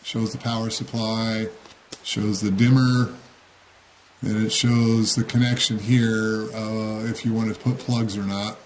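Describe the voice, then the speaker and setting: With a lowish, level voice and an unhurried pace, this man demonstrates a model railroad build plainly and casually, checking in with "okay?" after each step. A little hiss or hum sits under the recording.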